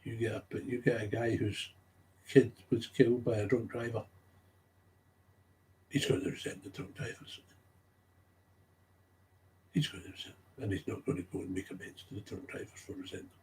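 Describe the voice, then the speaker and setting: A man's voice: lowish voice, fairly even intonation, normal speed, pauses often, darkish tone. A man speaking in an unscripted monologue, telling stories from recovery work, getting agitated and repeating his key phrases for emphasis.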